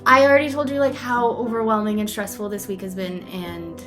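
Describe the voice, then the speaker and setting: A woman's voice: mid-range voice, steady tone, a little fast, a bit bright, soft background music. A young woman in a rambling, self-deprecating casual vlog, filling her talk with "like". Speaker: vlogger. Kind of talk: casual talking-head vlog.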